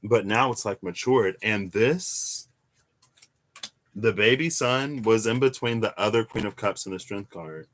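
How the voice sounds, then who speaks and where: A young man giving a casual, musing tarot reading, animated at times with sudden high exclamations. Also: measured pace. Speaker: tarot reader. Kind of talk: casual reflective monologue.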